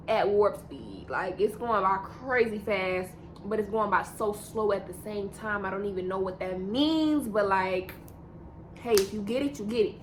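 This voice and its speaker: Young woman, high bright voice, loose slangy storytime rambling, faint hiss behind. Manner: rambling, repetitive slang-heavy storytelling with laughs. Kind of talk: casual storytime vlog.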